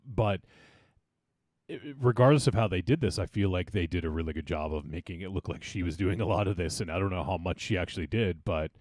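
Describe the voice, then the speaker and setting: Deep-voiced male podcast host. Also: a little mellow, no echo, studio quality. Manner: rambling, many fillers and restarts. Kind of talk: casual film discussion.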